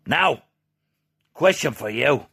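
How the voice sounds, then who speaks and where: Gravelly, furious Irish man ranting. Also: expressive, takes it slowly. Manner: swearing, swinging between low hushed menace and shouting. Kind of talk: angry direct-to-camera rant.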